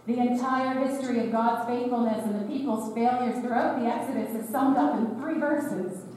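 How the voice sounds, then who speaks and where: A woman's voice: a little high, normal speed, hardly any pauses, darkish tone, a little hiss or hum. A woman preaching a sermon in a wry, conversational way, slipping into sarcastic voices for quoted lines. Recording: echoey sanctuary, voice from far off.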